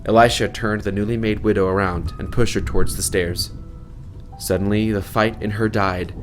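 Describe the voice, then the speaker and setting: A man, the author, reading his novel aloud in vivid, emphatic narration. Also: sits low. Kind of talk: dramatic storybook narration.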